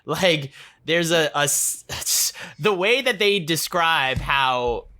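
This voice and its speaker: A man's voice: fairly high pitch, animated, slow pace, pushed and bright. A man co-hosting a casual podcast, talking in loose rambling sentences and acting out quotes from a film. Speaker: podcast co-host. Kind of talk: casual chat.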